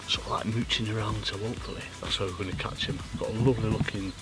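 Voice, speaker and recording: A man's voice: fairly low pitch, steady tone, fast talker. A man with a jokey, matey way of talking, hosting a fishing challenge outdoors at a lake. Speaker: angler and show host. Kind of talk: chatty on-camera commentary. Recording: distant outdoor mic with loud noise.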